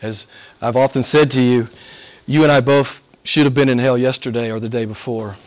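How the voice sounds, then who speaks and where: A man's voice: medium pitch, fairly even intonation, normal speed, a little mellow. A man preaching a sermon to his church, emphatic, often repeating phrases and asking his listeners to agree. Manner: emphatic, repeats phrases, asks "right?" of the congregation. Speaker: pastor. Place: church service.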